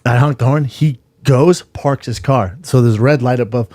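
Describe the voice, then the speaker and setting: A man's voice: medium pitch, moderate pace, darkish tone, no echo. Guy on a podcast mic rambling thru a road rage story, swears a lot, dry close sound. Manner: rambling anecdote, swears, acts out quotes. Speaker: podcast co-host. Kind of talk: casual storytelling.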